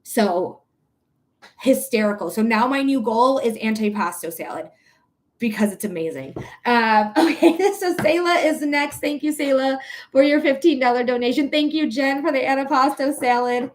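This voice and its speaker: Woman host with a Detroit accent, somewhat high, loose and chatty, thinking out loud on a live stream, sleep deprived. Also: lively intonation, normal speed. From Metro Detroit, Michigan. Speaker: psychic reader and livestream host. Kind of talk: casual live-stream chat.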